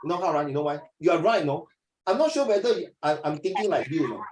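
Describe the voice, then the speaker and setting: A man's voice: fast, background noise. A Singaporean man runs a lesson in a loose, joking way. His voice swings up and down a lot as he teases students and slips between languages. He sounds playful and never stays on one note. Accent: Singaporean English. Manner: animated, teasing, mixes languages, lively pitch swings. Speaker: tutor.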